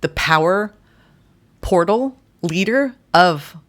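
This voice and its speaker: Gentle, unhurried woman tarot reader. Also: fairly low pitch, animated. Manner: gentle, soothing, unhurried, speaks in slow deliberate phrases. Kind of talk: guided tarot and astrology reading.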